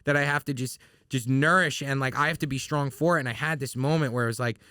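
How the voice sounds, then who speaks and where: A man's voice: medium pitch, fast, pushed and bright, dry recording. Rambling, profane New York man. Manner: rambling, profane, many restarts. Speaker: podcast guest. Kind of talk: casual chat.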